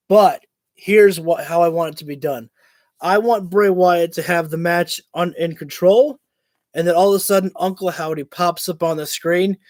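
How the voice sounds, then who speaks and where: A man with a high-pitched voice talks through a wrestling show for his livestream audience in a loose, chatty way. His play-by-play is casual and excitable, with the odd curse thrown in. The sound is dry and close, with almost no room around it. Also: no echo. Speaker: livestream host.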